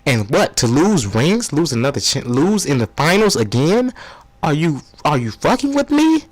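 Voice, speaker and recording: A man's voice: on the high side, sing-song, moderate pace, no room sound, rough recording. Man doing a scoffing, combative sports pundit. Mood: exasperated. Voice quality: exasperated, scoffing, profane. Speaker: comedic impression of a sports debate panelist. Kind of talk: comedy spoof of a sports debate show.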